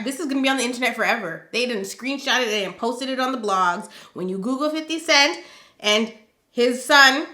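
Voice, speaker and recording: A woman's voice: on the high side, sharp tone. Sassy emphatic woman in an echoey room. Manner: sassy, emphatic, punctuates points with "okay?". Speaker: commentary channel host. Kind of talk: casual gossip commentary.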